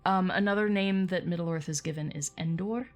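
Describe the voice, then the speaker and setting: A woman's voice: lowish voice, moderate pace, faint music behind. A woman hosting a livestream, explaining terms in a chatty, casual way with frequent fillers and laughs. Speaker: host.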